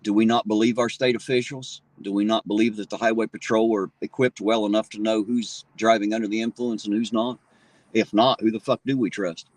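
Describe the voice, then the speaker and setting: A man in his 40s hosts a street livestream, ranting angrily into his phone outdoors with lots of swearing. His voice is lowish and flat, his delivery brisk, and there's no echo. The talk is a fired-up, profane street livestream rant.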